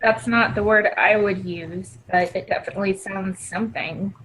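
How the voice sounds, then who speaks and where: Female player, mid-pitched, dry teasing remarks, faint background hum. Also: steady tone, moderate pace, fairly bright tone, poor audio. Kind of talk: casual chat.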